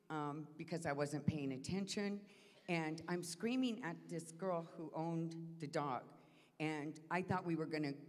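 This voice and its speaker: A lower-voiced woman tells her story to the congregation from the front of a church. Her telling is emotional and halting, full of restarts. Her voice carries a long reverb from the hall. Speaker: church member giving testimony. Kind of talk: personal testimony in church. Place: church sanctuary.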